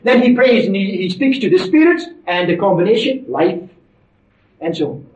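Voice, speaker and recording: A man's voice: high voice, expressive, normal speed, a little mellow. A man preaching a sermon in an emphatic, conversational way, with frequent asides to his listeners. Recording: roomy, distant, dull lo-fi sermon recording.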